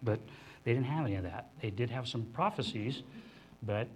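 Guy pastor giving a sermon, middle pitch, chatty and animated, talks right to the room. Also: normal speed, slight background noise. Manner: animated, acts out the disciples' voices in higher pitch; conversational, with restarts and asides to the congregation. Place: church hall before a congregation.

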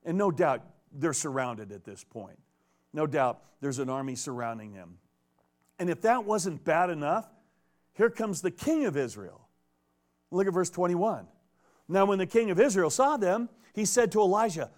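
Animated, joking male preacher. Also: sits high, a little slow. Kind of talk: expository sermon.

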